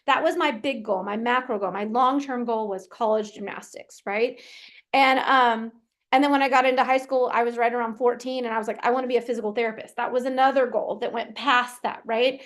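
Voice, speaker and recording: A woman's voice: fairly high pitch, steady tone, normal speed, a bit bright. A woman coach talking casually in a solo Q&A, chatty, with frequent "right?" tags and restarts. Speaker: performance coach and physical therapist.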